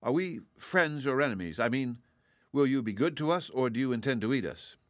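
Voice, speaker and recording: A man's voice: mid-range voice, animated, a little fast, no room sound, studio quality, pitched above the performer's own voice, lightly acted. A man voicing a frank, wary little farm girl in an audiobook, speaking earnestly and bluntly. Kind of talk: audiobook reading.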